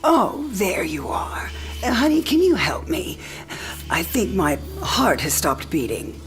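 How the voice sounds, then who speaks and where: A woman's voice: on the low side, sing-song, measured pace, soft background music. An actress playing a dying old woman who talks frankly, teasing and tender by turns. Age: older. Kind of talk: game cinematic voice acting.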